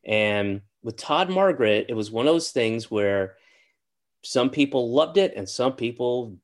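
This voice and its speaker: A middle-aged man speaking as a guest in a casual interview, pausing often and restarting his sentences. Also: medium pitch, animated. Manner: halting, many restarts and fillers. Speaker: interview guest, comedian and actor.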